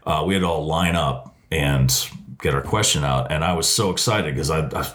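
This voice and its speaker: Deep-voiced man telling a story casually. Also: moderate pace. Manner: loose and profane, with many fillers and restarts; acts out quoted people in lively voices. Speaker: radio host, podcast guest.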